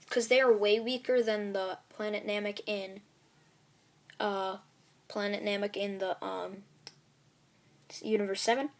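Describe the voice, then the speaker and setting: A woman's voice: medium pitch, level tone, unhurried, pauses often. A woman casually telling a fan story to her viewers, rambling with lots of fillers. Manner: rambling, filler-heavy retelling.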